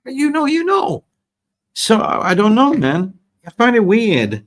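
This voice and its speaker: A man's voice: high-pitched, huge pitch swings, unhurried, pitched above the performer's own voice, heavily acted. A man impersonating a greedy young male footballer who speaks broken English, demanding big money. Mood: worried. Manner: broken English, pleading and boastful.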